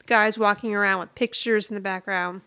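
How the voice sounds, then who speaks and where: A woman's voice: medium pitch, steady tone, moderate pace, gravelly, pushed and bright, clean tone. A woman co-hosting a casual podcast, retelling a TV episode and acting out the characters' lines, laughing often. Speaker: podcast co-host. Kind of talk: casual rewatch chat, retelling scenes.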